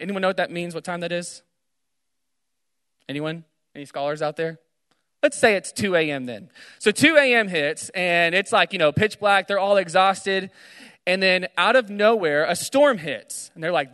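A young man preaching casually to students from a stage, retelling a story with animated asides. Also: fairly high pitch, normal speed, clean tone, no room sound, long reverb tail. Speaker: speaker at a student gathering. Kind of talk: energetic sermon. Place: large hall on a stage.

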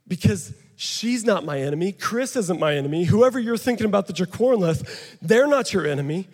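High-voiced preacher in a reverberant hall. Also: male voice, fairly quick. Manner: animated, joking with the audience. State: out of breath. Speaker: pastor. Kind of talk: sermon with live demonstration. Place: large hall with an audience. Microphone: handheld mic.

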